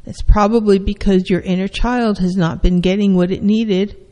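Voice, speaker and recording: A therapist giving an explanatory talk in a measured way, with pauses and restarts. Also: medium pitch, fairly even intonation, dark tone, long reverb tail. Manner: measured, with frequent fillers and restarts.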